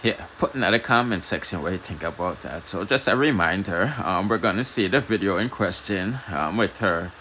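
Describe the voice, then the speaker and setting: A Jamaican man with a very deep voice hosts a laid-back news commentary. His tone is bright and forward, and faint noise sits behind him. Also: normal speed, few pauses, low-quality recording. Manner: relaxed, repeats "you see what I'm saying". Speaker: news commentary channel host.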